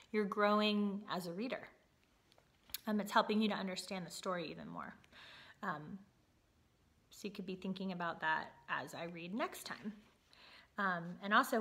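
Bright-voiced woman teacher. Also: mid-range voice. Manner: casual, with fillers and um. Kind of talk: read-aloud lesson to students.

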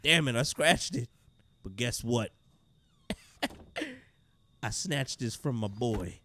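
A man's voice: medium pitch, big pitch swings, extremely slow, sharp tone, slight background noise, exaggerated voice. A man voicing a scared, preppy young man in a red sweater who brags about money and whines nervously in a horror game. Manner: whiny, nervous, boastful.

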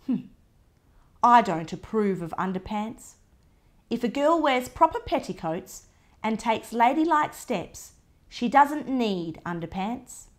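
A prim, stern old grandmother, as a woman reading aloud puts her on, bossy and sniffy about manners. She speaks slowly and pointedly, her pitch rising and falling sharply. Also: big pitch swings. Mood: disapproving. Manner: disapproving, bossy.

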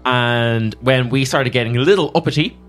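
A man's voice: mid-range voice, normal speed, fairly bright tone, faint music behind. A man recapping a tabletop game session in a chatty, filler-filled way. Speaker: player.

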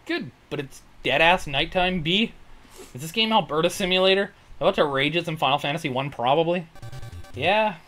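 A man's voice: on the high side, moderate pace, bright, forceful tone. A man streaming a retro video game, chatting casually with a profane, joking, laid-back manner while greeting viewers. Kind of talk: casual gameplay chat, reading viewer messages. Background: retro game music.

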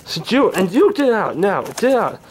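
A man voicing a furious, hot-tempered male character who yells threats. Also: very high-pitched, big pitch swings, normal speed, a little hiss or hum, voice pushed up. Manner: shouting, yelling threats.

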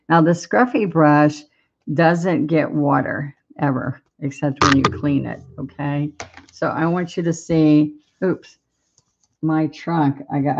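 Slow, flat-voiced woman teaching painting. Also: low voice, creaky, breathy edge, highs cut off. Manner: chatty, encouraging, talks to viewers while painting. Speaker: painting instructor. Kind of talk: live-streamed painting lesson.

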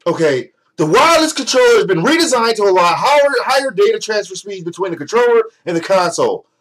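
A young man, high-voiced, rants in exasperation, swearing constantly. His delivery is sarcastic and heated, like a gaming vlogger venting at his audience. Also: big pitch swings, fast talker, a bit bright, low-quality recording. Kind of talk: angry rant.

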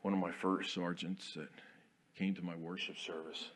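A man, an Army chaplain preaching a folksy, storytelling sermon in a church, dropping to quiet asides and rising to loud declarations. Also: low-pitched, flat delivery, moderate pace, a little hiss or hum. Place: church sanctuary.

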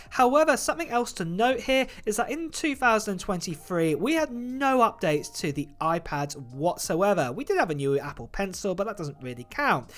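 A woman hosting a tech channel, giving an upbeat scripted roundup of product rumors and release dates. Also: mid-range voice. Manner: lively, upbeat presenting with frequent "of course" and "guys".

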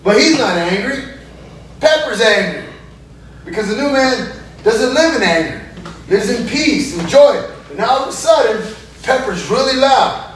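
A man's voice: extremely high pitch, normal speed. A man leading a Bible study, teaching animatedly, often checking in with his group and acting out scenes. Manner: lively, checks in with "right?", acts out scenes. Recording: echoey room, mic far off, noisy.

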